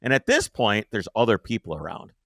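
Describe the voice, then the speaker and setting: A man hosting a podcast, telling a long story in a casual, animated way, swearing freely and acting out the scenes. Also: lowish voice, fairly quick, no echo, studio quality.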